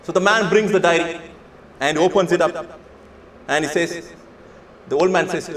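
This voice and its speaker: A man's voice: on the high side, normal speed, long pauses, crowd noise. A man giving a lecture to students and telling a story. He speaks emphatically, repeats phrases and asks rhetorical questions. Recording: echoey room with faint ambience.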